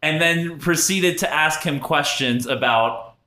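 A man's voice: a little high, unhurried, sharp tone, roomy sound. A brash young man telling a party story on a podcast, laughing and acting out the people he quotes. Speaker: podcast co-host. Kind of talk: casual storytelling chat.

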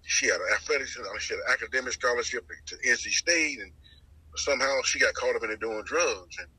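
Husky, sharp-toned man telling his story. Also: mid-range voice, quick pace, no room sound, low-quality recording. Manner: lively storyteller who acts out the voices he quotes, repeats phrases. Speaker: guest sharing his testimony. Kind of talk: personal testimony storytelling.

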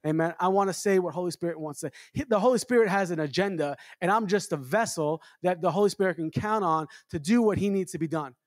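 A traveling minister preaching to a congregation in a chatty, storytelling way, often adding "amen" and restarting phrases. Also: male voice, high voice, quick pace, hardly any pauses, no echo, studio quality. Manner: conversational preaching with repeated amens. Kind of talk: sermon.

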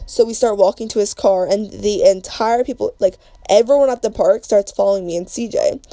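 Young woman, podcast host, mellow low-energy tone, slangy rambling storyteller, close dry sound. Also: a little fast, no echo. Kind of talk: casual storytime chat.

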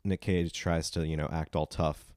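A man co-hosting a film podcast, recapping scenes casually and bursting into loud quoted lines. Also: extremely low pitch, normal speed, no echo, studio quality. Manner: retells scenes in animated bursts, quoting lines loudly. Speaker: podcast co-host.

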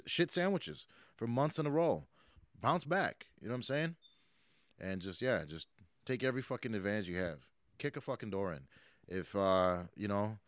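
A man's voice: on the low side, fairly bright tone, dry recording. A man in his late thirties, a hip-hop artist giving an interview, talking casually with lots of swearing and fillers. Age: 30s. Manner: profane, emphatic, rambling motivational.

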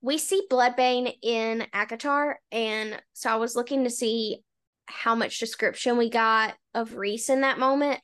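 A woman's voice: fairly high pitch, fairly even intonation, measured pace, a bit bright, smooth. Chatty young woman gushing about books. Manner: chatty, emphatic, many "like" fillers. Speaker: book podcast co-host. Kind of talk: casual chat.

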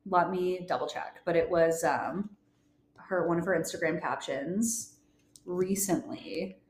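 A young woman co-hosting a podcast in casual chat, gushing and gasping with excitement. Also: lowish voice, a little slow. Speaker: podcast co-host.

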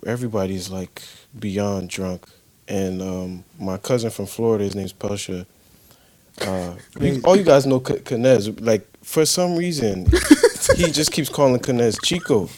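Laid-back man over clear background noise. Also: fairly low pitch, sing-song, a little slow, a little mellow. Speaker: friend in conversation. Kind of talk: casual chat.

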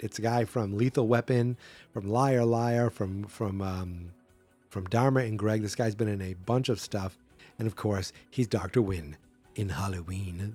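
A man's voice: lowish voice, mellow, breathy edge. A man hosting a solo podcast, rambling through a movie in casual commentary and acting out quotes in a raised voice. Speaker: podcast host.

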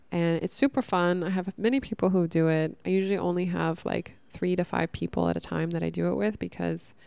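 A woman's voice: on the low side, gravelly, a little mellow, clean tone, dry recording. A woman hosting a podcast and coaching her listeners in a casual, earnest monologue with the odd swear word.

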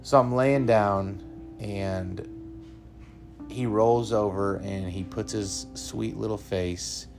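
A young man with a low, gravelly voice hosts a podcast and tells a personal story to his listeners. He speaks earnestly and laughs now and then. Soft music plays faintly behind him. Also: fairly even intonation, slow pace. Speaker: podcast host.

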